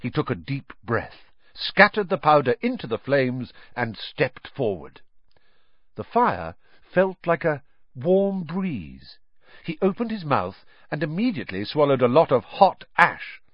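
A man narrating a storybook in an expressive, animated reading style, on a dull, dry recording. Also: fairly high pitch, unhurried, dry recording. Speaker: audiobook narrator.

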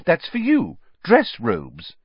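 A man's voice: huge pitch swings, takes it slowly, creaky, slightly rough, dry recording, heavily acted. A man putting on Mrs Weasley, a fussy, bossy mother witch. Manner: scolding, high-pitched and bossy. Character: fussy, brisk middle-aged mother witch. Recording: dull, dry, slightly lo-fi recording.

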